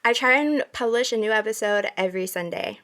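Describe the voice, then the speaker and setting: A woman's voice: fairly high pitch, brisk, fairly bright tone. A woman guest on a podcast, chatting casually and laughing a lot, guessing with many fillers. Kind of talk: casual chat.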